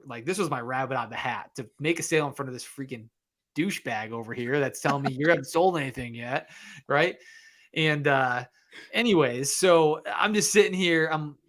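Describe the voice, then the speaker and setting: A man of ordinary middle pitch speaks into a podcast mic as a guest, spinning a casual story. He is animated, switching readily into the voices of the people he describes. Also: normal speed. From Michigan. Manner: animated, re-enacts dialogue. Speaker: guest author.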